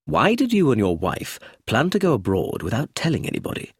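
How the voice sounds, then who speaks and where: A man's voice: medium pitch, huge pitch swings, brisk, slightly rough, dry recording, clean studio sound, pitched above the performer's own voice. A man reading a storybook, voicing a cool, formal older police official who speaks coldly and officially. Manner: cold and official.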